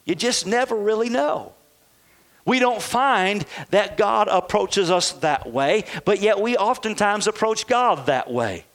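Male pastor, high voice, preaching to a congregation, rhetorical questions. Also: vocal fry, fairly bright tone. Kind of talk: sermon.

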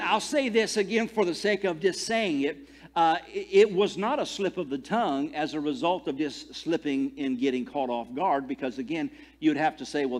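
Middle-aged male pastor, slightly high voice, lively story-driven sermon full of restarts and repeats. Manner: animated storytelling, repeats words, many restarts. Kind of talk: conversational sermon.

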